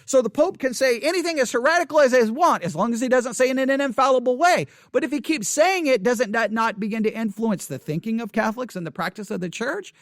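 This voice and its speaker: A man with a notably high voice, recorded close and dry, works through viewer comments out loud. He talks in an animated, exasperated way, stumbling and restarting often. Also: fast talker, few pauses, dry recording. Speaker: channel host answering viewer comments. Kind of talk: casual commentary reading comments aloud.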